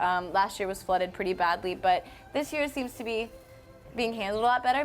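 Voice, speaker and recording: A young woman from North Carolina, hosting a casual live-stream chat, friendly and chatty, reading viewer comments aloud. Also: medium pitch. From North Carolina, USA. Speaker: host.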